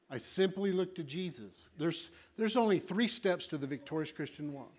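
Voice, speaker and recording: A man preaching a sermon with animated delivery, acting out little voices and swinging between loud and quiet. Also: a little high, moderate pace, slightly rough.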